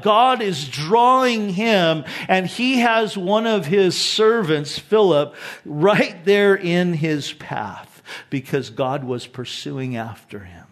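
A pastor in his sixties delivers a sermon in a fairly high voice. He tells stories with animation, climbing up when excited and dropping to a near hush for emphasis. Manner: animated storytelling, drops to hushed emphasis.

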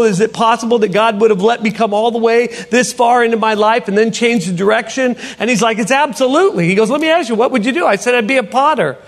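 A middle-aged man with a high-pitched voice tells his faith testimony from the front of a church. He is an animated storyteller who slips into the voices of the people in his story. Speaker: potter and ministry speaker. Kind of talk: testimony sermon.

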